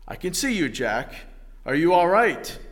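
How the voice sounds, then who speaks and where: A man voicing God as a calm, patient male voice from above. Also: on the high side, unhurried, long reverb tail.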